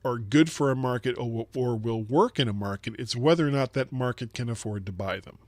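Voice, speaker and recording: A man's voice: mid-range voice, fairly quick, darkish tone, no echo. Dry-voiced man explaining tech news. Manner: explanatory, repeats words while thinking. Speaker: podcast co-host. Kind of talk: casual tech podcast discussion.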